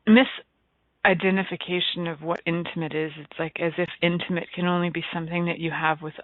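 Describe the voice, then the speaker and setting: A woman's voice: on the low side, fairly even intonation, fairly quick, dry recording. A woman hosting a radio talk show, playful and bubbly as she jokes with her guest. Her voice is thin and tinny, like a phone line, with a dry sound. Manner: joking and bubbly. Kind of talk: playful casual chat.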